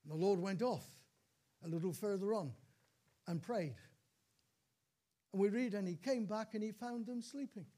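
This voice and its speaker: Older male preacher, high voice, dramatic storytelling sermon, repeats lines for effect. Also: moderate pace, pauses often, mellow.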